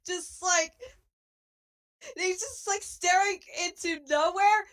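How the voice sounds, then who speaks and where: A rambling, amused woman chatting at a tabletop game. Her voice sits very high. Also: steady tone, slow, a bit bright. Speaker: player. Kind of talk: casual chat at a tabletop game.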